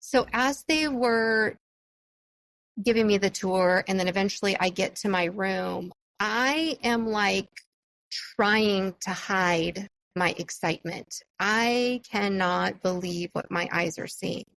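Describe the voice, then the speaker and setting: A woman's voice: mid-range voice, takes it slowly, creaky, a bit bright, dry recording, low-quality recording. A woman hosting a solo podcast, telling a personal story in a chatty, enthusiastic way with frequent fillers. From California. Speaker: podcast host.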